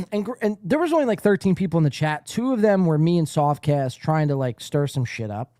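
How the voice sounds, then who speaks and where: A male podcast host with a fairly high voice, rambling through a live stream and laughing as he reads chat messages aloud. He sounds worn out after hours on air. His voice is dry and close, with no room echo. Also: expressive, fairly quick, dark tone. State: weary after a long stream. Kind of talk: casual livestream commentary.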